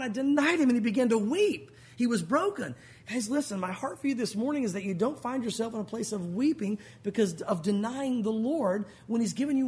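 Fast-talking pastor with a light Southern accent. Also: male voice, extremely high pitch, slightly rough. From Tennessee. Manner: fast-talking, animated storytelling with acted asides. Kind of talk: sermon.

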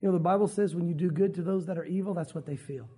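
A man preaching a sermon in a lively, conversational way, often acting out short quotes. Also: sits high, rapid-fire, husky. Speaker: pastor.

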